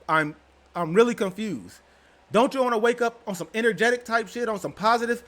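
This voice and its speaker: A man's voice: sits high, a bit bright. A young man hosting his own channel, talking straight to his viewers in a slangy, rambling, casual way. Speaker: channel host. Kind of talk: casual vlog commentary.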